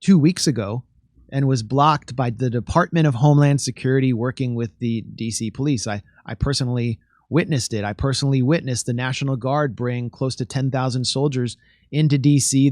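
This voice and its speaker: Earnest fast-talking male guest. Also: medium pitch, a little mellow, no room sound, clean studio sound. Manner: earnest, rapid, with restarts and fillers. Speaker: guest commentator. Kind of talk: casual political chat.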